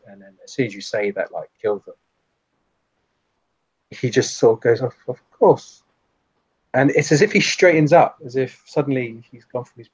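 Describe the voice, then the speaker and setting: A man's voice: mid-range voice, husky, dry recording. A man narrating as game master for a tabletop game, with a rambling, stop-start delivery and a slightly muffled recording. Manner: rambling, with many restarts.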